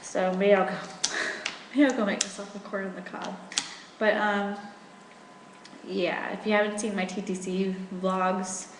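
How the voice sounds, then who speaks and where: A woman's voice: medium pitch, level tone, moderate pace, reverberant, in a large hall, noisy background. A young woman from rural in her twenties, chatting casually in a rambling vlog at home with lots of fillers. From rural Virginia. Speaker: vlogger.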